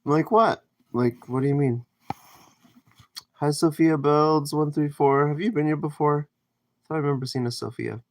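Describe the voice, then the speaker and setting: A man's voice: a little high, fairly even intonation, moderate pace, long pauses, darkish tone, no room sound. A man from Canada chatting casually with viewers on a live stream while he cooks, reading out comments and rambling through his answers. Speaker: livestreamer. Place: home kitchen.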